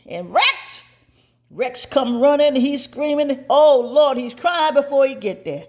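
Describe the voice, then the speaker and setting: Older woman host; lively, folksy storyteller who laughs through her tales. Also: high-pitched, takes it slowly. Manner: animated, folksy, laughs as she tells it. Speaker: cooking show host. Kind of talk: personal storytelling.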